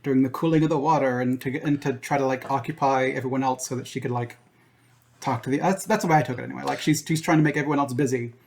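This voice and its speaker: A man's voice: medium pitch, fairly even intonation, quick pace, gravelly, darkish tone. A man co-hosting a casual movie podcast, working through his ideas aloud in a rambling, hedging way. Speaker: podcast co-host.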